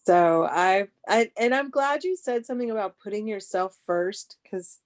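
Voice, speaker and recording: An older grandmother in casual conversation, chatty and quick to tell stories, heard over a video call. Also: medium pitch. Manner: chatty, laughing storyteller. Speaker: coaching guest.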